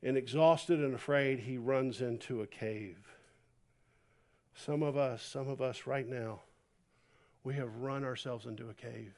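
A man preaching a sermon, dropping to a hush and then rising to near-shouts as he acts out a scripture story. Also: mid-range voice, unhurried, pauses often. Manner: animated, swings from hushed to loud. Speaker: pastor. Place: church.

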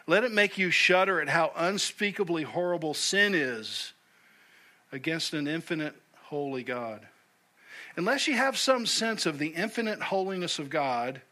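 A man preaching a sermon as pastor, emphatic, repeating key phrases and dropping to a hush for weight. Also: on the high side. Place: church sanctuary.

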